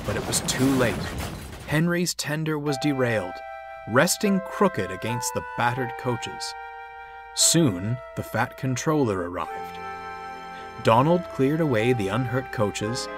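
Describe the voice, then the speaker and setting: Unhurried, expressive storybook narrator. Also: male voice, medium pitch. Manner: measured, expressive reading. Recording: narration over clear music.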